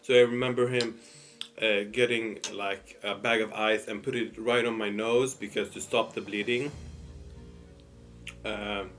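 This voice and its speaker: A man's voice: on the low side, steady tone, a little slow, fairly bright tone, faint music behind. A man casually telling a personal story while eating, hesitant and full of fillers and restarts. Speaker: storytime host.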